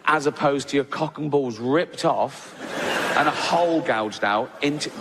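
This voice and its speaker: A man's voice: mid-range voice, unhurried. Man, stand-up comedian, rambling self-interrupting asides, laughs at own jokes, long hall reverb, audience noise.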